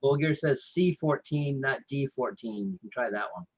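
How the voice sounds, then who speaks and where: A man's voice: medium pitch, moderate pace, a little hiss or hum. A man in a casual chat who jokes and chuckles often.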